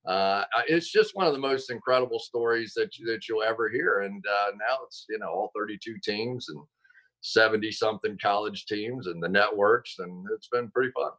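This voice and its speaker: A man telling stories as a guest on a video call, animated and quick to correct himself mid-sentence. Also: lowish voice, rough recording. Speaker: guest, football analyst. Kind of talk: casual interview chat.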